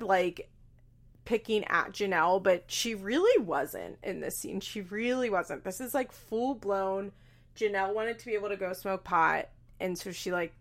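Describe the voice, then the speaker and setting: A woman's voice: mid-range voice, a bit bright. A woman giving a casual, chatty recap with lots of fillers and swearing. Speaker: reality TV recap host. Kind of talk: casual commentary.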